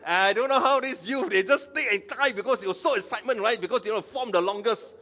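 A man's voice: high voice, quick pace, fairly bright tone. A man preaching a sermon as pastor, acting out Bible quotes and asking the audience questions.

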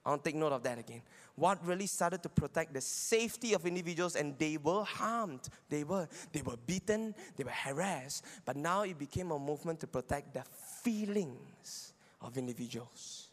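A Bible teacher with a slightly high voice and lively intonation speaks at normal speed in a teaching sermon, recorded with long hall reverb. He argues his points and keeps checking in with listeners, often asking "right?"

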